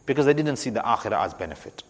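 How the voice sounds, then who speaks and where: A male religious teacher explains scripture to a class with insistent emphasis, repeating key words and checking in with his listeners. His voice sits at an ordinary middle pitch. It rings out with the long reverb of a large hall. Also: big pitch swings, very fast.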